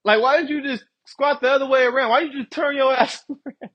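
A man's voice: extremely high pitch, fairly even intonation, quick pace, dull audio. A young man telling a rambling, profane story as a podcast host, laughing often and checking in with his listeners. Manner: rambling, profane, laughs often, keeps asking "you feel me". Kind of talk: casual storytelling monologue.

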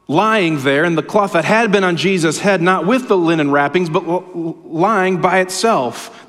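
Male pastor, fairly high voice, dramatic sermon delivery, long church reverb. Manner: dramatic, swinging from loud emphasis to hushed reading. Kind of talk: sermon and scripture reading. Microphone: camera-facing preaching mic.

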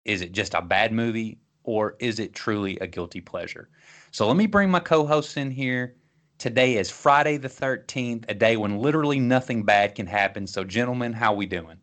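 A man's voice: fairly low pitch, moderate pace, a bit bright. A man hosting a casual movie podcast, upbeat as he introduces the segment. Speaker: podcast host.

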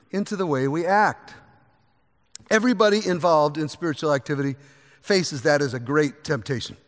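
A man preaching a sermon from the pulpit, earnest and varied, quieter during prayer. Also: fairly high pitch. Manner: earnest, varies pace, drops to a soft voice in prayer. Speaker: pastor. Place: church sanctuary. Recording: long echo of a large church hall.

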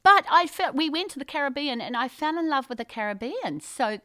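Bubbly high-voiced woman storyteller. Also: animated, a little fast, bright, forceful tone, no echo. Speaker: guest telling a story. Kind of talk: casual chat.

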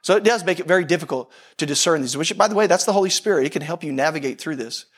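A man's voice: a little high, lively intonation, rapid-fire, husky. A man preaching a sermon to a congregation in a conversational way, often repeating phrases for emphasis. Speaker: pastor.

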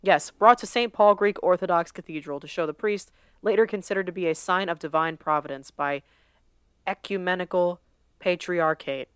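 Casting: woman podcast co-host, smooth and clear, dry close sound, reads a list with casual asides. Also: lowish voice, moderate pace, no echo.

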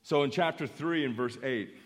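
A pastor preaching a sermon in an animated, emphatic way, repeating phrases for effect. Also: male voice, mid-range voice, moderate pace. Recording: long reverb of a large hall.

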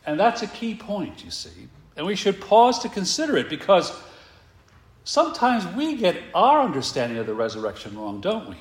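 A male pastor preaching a sermon, emphatic and full of rhetorical questions, slowing down to stress his points. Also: high-pitched, huge pitch swings, reverberant.

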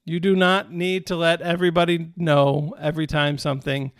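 A man's voice: fairly high pitch, flat delivery, normal speed, clean tone, dry recording, studio quality. A man giving a conversational sermon as pastor, repeating key phrases for emphasis, asking the listeners "right?" and restarting mid-thought.

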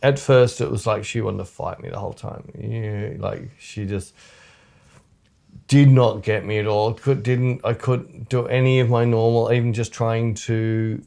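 A man's voice: on the low side, steady tone, measured pace, gravelly, dark tone. A photographer in casual podcast chat, blunt and teasing as he tells stories from workshops. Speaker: photographer and host.

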